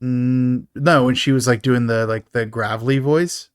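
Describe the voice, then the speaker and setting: A man's voice: mid-range voice, fairly even intonation, a little slow, clear, resonant tone, no echo, clean studio sound. Chatty man hosting a movie podcast. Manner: chatty, laughs easily, many fillers. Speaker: podcast host. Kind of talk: casual movie review chat.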